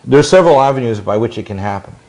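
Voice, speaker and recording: This man's voice sits mid-range, expressive and a little mellow, and he races through his words. In his sixties and being interviewed, he tells long, intense, rambling stories with many restarts and bits of quoted dialogue.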